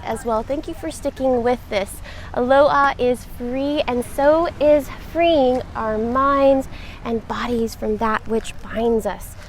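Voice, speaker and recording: A woman's voice: high-pitched, slight background noise. A woman, a yoga instructor live-streaming from the beach, chatty and welcoming as she greets her viewers. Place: outdoors on a beach.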